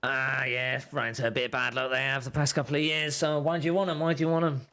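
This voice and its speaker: A man's voice: mid-range voice, flat delivery, fast talker, vocal fry, sharp tone. A man voicing a cheerful, smelly male street informant with a cheeky, chummy manner.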